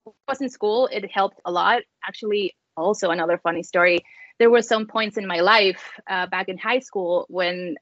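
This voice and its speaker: A woman's voice: medium pitch, moderate pace, a bit bright, dry recording. A woman from Mexico speaks English with a light Mexican accent, a mother chatting as a guest. She talks in loose, friendly bursts, full of fillers and restarts. The sound is dry and a bit dull. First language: Spanish. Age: adult with children. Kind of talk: casual interview chat.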